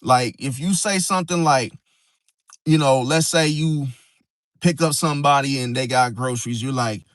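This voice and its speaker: A man's voice: mid-range voice, moderate pace, no echo, clean studio sound. A man in a casual monologue on astrology who talks in slang, rambles, and acts out quoted friends. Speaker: zodiac vlogger.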